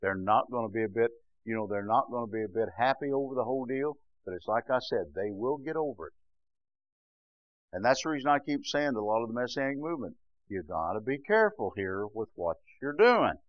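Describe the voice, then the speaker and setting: An older man delivers a fervent sermon, dropping to low, quiet passages and rising to loud, shouting peaks while often saying "bless God." His delivery is expressive and a little fast, and the recording is muffled with no room sound.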